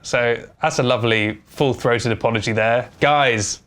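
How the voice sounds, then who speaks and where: A man's voice: medium pitch, lively intonation, brisk, fairly bright tone. A young man hosting a comedic online news show, delivering stories with sarcastic, jokey asides. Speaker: host.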